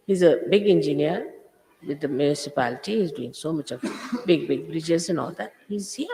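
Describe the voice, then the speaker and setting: A woman's voice: deep voice, animated, normal speed, warm tone. An older woman, a spiritual teacher, giving an informal talk to followers, scolding and emphatic, repeating phrases for stress, recorded on old archive tape. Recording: echoey hall, 1980s archive tape.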